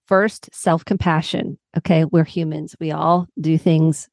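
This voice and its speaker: A lower-pitched woman speaks as a psychotherapist guest on a podcast, earnestly walking listeners through practical examples. Her voice sits close and dry, with no room sound around it. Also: level tone, moderate pace, hardly any pauses, dark tone, no echo. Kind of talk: podcast interview.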